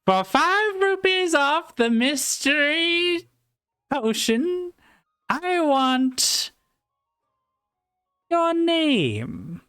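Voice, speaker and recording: A sly, menacing witch shopkeeper, as a game master puts her on, her voice lifted high and bright with slow, teasing menace. The sound is dry and close with soft music underneath. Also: big pitch swings, no echo, full character voice. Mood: coaxing. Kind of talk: tabletop role-play voicing.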